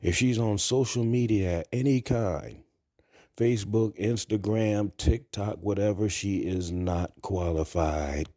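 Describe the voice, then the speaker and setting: A man's voice: lowish voice, unhurried, mellow, no echo, studio quality. A man talking to camera in a blunt, crude, rambling monologue. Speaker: vlogger. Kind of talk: casual monologue.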